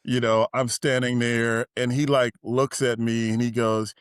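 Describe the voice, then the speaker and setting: Smooth-voiced man telling stories. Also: medium pitch, a little slow, few pauses, dry recording, clean studio sound. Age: 40s. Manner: animated storyteller, acts out quotes, laughs while talking. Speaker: podcast guest. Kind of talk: casual storytelling chat.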